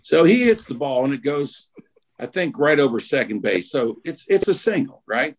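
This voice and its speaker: A man's voice: mid-range voice, moderate pace. A man casually telling a funny story among friends, acting out what people said. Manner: animated storyteller acting out quotes. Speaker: radio show regular telling a story.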